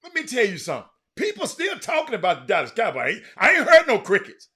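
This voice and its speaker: A man hosting a sports talk show, shouting, teasing and repeating himself as he reads comments. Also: very high-pitched, normal speed. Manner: loud, excitable, teasing, repeats words, sudden shouts. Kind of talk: animated sports talk, reading live chat.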